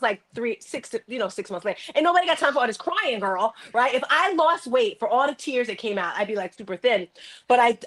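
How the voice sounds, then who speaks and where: Animated, high-voiced woman coach. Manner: animated, acts out her own self-talk in quoted asides. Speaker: life coach and author. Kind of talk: emotional personal storytelling in an interview.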